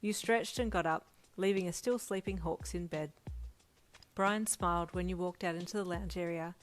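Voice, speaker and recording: A woman reading a second-person fan fiction audiobook in a steady, soft storytelling manner. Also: fairly low pitch, moderate pace, a little hiss or hum. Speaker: fanfiction reader.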